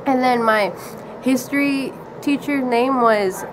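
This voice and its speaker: A woman's voice: high-pitched, slow pace, background noise. A teenage girl casually telling a rambling story with lots of "like" and giggles. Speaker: vlogger.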